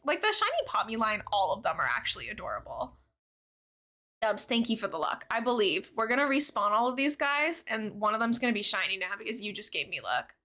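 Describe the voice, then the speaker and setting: A young woman chats with her stream viewers in a bright, bubbly voice that bounces high and low. She reads chat aloud, giggling as she goes. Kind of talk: casual livestream chat with viewers.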